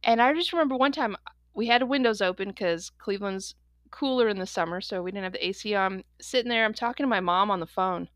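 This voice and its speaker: A young adult woman co-hosting a podcast, telling stories in a quick, animated way and laughing often. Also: mid-range voice, no echo, clean studio sound. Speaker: podcast co-host. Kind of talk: casual chat.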